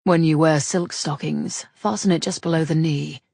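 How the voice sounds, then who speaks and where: A woman reading the lines of a grave, teasing male rogue in a measured, dry manner. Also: sits low, fairly even intonation, gravelly, a little mellow, husky, dry recording, full character voice.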